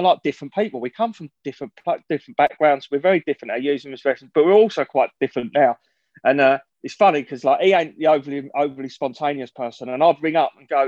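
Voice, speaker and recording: A man's voice: a little high, a little mellow, no room sound. A man speaks frankly at a recovery meeting, looping back and restarting his sentences as he goes. The sound is dry and close, with a slightly dull, muffled quality. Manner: rambling, frank, swears, many restarts. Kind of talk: personal share at a recovery meeting.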